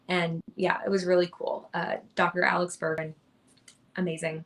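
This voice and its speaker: Low-voiced young woman telling her story. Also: little pitch movement, normal speed. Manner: earnest and chatty, with many restarts. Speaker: podcast guest. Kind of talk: casual interview storytelling.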